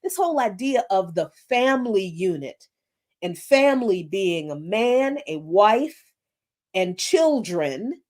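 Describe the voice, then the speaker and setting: A woman hosting an unscripted political commentary stream. She talks slowly, her pitch swinging widely as she presses her points. She often hunts for the right word, with restarts and fillers, then lands blunt, forceful statements. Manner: searching for words, many fillers and restarts, blunt and emphatic.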